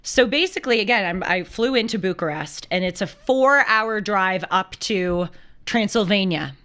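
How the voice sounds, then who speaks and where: A woman hosting a talk show, telling a travel story in a lively, chatty way and acting out the people in it. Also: mid-range voice, normal speed, clear, resonant tone. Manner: animated storyteller who acts out quoted voices. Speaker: show host. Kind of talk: casual chat.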